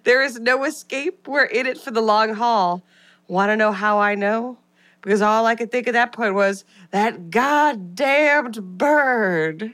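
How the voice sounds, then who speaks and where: American lady podcast host, playful and animated, trips over words a bit. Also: fairly high pitch, a little slow. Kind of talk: casual podcast chat and reading a listener review aloud.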